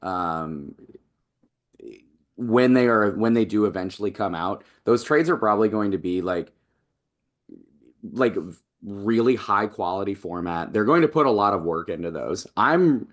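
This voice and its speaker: A man's voice: lowish voice, lively intonation, a little slow. A man on a casual comics chat, talking hesitantly with many fillers and restarts.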